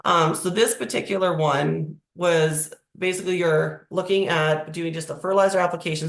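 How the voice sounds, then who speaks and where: A presenter with a croaky, hoarse voice from a cold, explaining slides in a webinar over a video call. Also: medium pitch. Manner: explanatory, walking through slides. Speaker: agricultural presenter. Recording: echoey room.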